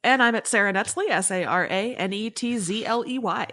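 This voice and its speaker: A woman's voice: mid-range voice, a little fast, pushed and bright. Chatty woman co-hosting a podcast. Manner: enthusiastic and chatty. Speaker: podcast co-host. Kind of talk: casual chat.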